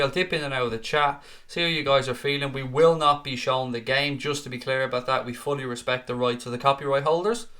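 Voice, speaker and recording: Young male fan-stream host with a fairly high, bright voice. Chatty, matey delivery. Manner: chatty and matey, often calls viewers "mate". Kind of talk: casual live-stream chat, reading viewer comments.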